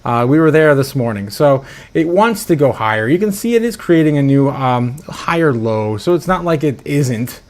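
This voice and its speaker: A man's voice: mid-range voice, lively intonation, normal speed. A man hosting a casual livestream, chatting and reading out viewer comments with frequent chuckles and restarts. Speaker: livestream host.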